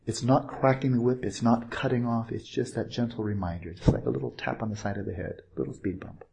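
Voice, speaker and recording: A man giving a dharma talk as a meditation teacher on a retreat, gentle and playful, with unhurried pauses and small asides. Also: mid-range voice, steady tone, vocal fry.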